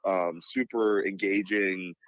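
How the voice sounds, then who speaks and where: A man's voice: sits low, steady tone, takes it slowly, no echo, dull audio. A man co-hosting a live call-in podcast, talking in an enthusiastic, effusive way. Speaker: podcast co-host.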